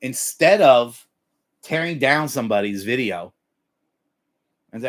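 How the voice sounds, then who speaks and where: A middle-aged man hosting a livestream, giving profane, animated life advice and breaking into yelled impressions. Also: mid-range voice, a little slow, long pauses. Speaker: livestream host. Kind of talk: profane motivational rant.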